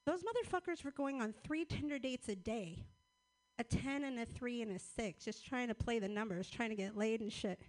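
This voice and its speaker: A woman's voice: fairly high pitch, normal speed. A woman comic telling crude, laid-back stories from her set. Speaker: stand-up comic. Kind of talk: stand-up set, then feedback chat.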